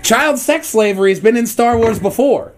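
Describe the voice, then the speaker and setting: A man's voice: very high-pitched, expressive, normal speed, a little hiss or hum. A man hosting a casual podcast, rambling and joking irreverently. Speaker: podcast host. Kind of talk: casual chat.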